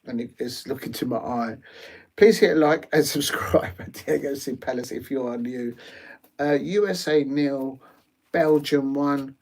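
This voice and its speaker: A man doing rambling, jokey live commentary on a football match, with slangy asides and sudden excited shouts. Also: mid-range voice, a little slow. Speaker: watch-along streamer. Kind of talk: live watch-along commentary.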